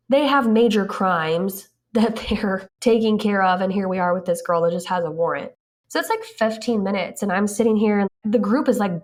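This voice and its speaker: A woman casually telling a story, acting out the dialogue and saying "like" a lot. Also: mid-range voice. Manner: animated, acts out quoted dialogue, frequent "like". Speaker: interviewee recounting events.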